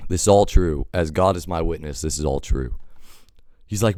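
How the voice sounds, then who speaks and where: Very deep-voiced man telling a rambling story. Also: normal speed, warm tone, clear, resonant tone, no room sound, clean studio sound. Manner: rambling, filler-heavy, wry. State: sick. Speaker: storytelling vlogger. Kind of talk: casual storytime monologue.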